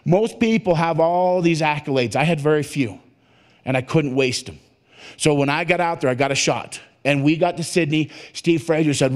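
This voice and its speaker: A man giving a motivational keynote talk, telling his story in an animated way and acting out the dialogue. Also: a little high, moderate pace. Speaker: motivational speaker. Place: conference hall at a resort.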